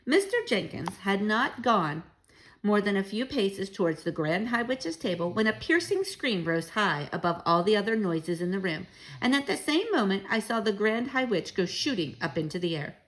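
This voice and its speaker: Expressive female storyteller reading to children, lively pitch. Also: normal speed, rough recording.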